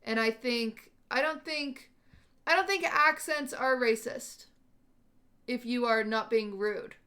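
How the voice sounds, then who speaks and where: A woman streamer talks casually to her live chat, working through her thoughts aloud and often admitting she is unsure. Her voice sits a little high and has a sharp, bright edge. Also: takes it slowly. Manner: thinking aloud, questioning, unsure. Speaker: livestream host.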